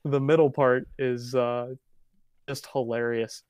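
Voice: medium pitch, level tone, slow, a little mellow, clear, resonant tone, dry recording. A podcast co-host in casual chat, hesitant with many fillers and often breaking into laughter. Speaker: podcast co-host reviewing an album.

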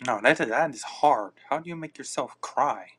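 A man's voice: medium pitch, lively intonation, normal speed, fairly bright tone, slightly rough. A man hosting a casual live podcast on his phone, rambling and reacting aloud to listener comments. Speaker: podcast host.

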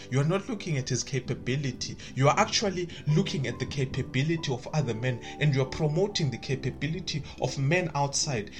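A man's voice: mid-range voice, fairly bright tone. A man preaching a sermon, emphatic and repetitive, building to rising calls. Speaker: pastor.

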